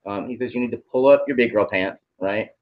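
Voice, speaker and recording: A man's voice: mid-range voice, a little fast, muffled recording. A man channeling spirit messages on a live stream, relaying them bluntly with swearing and hesitant fillers.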